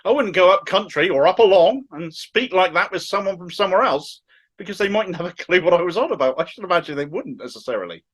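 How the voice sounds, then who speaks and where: A man's voice: high-pitched, lively intonation, fast talker, a bit bright. A middle-aged man from Cornwall with a thick Cornish accent, giving sardonic, opinionated political commentary to camera. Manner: sardonic, mocking asides.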